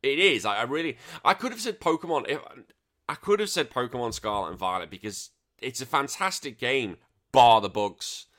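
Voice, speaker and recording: A man's voice: medium pitch, expressive, normal speed, a bit bright. A middle-aged man hosting a casual podcast, rambling, swearing freely and laughing easily. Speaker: podcast host. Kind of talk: casual chatty podcast talk.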